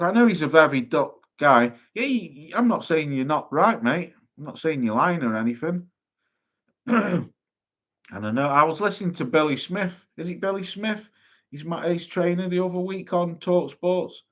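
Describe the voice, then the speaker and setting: A man hosting a casual boxing chat stream, sweary and quick to laugh while reading out viewer comments. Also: mid-range voice. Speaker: boxing livestream host.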